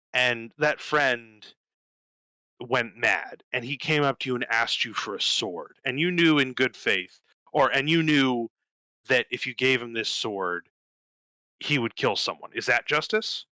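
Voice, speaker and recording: This young co-host spins a profanity-laced podcast story, jumping into quick character voices with a bright, forceful, animated delivery. The medium-pitched talk is casual chat, captured close and dry without echo on a rough recording.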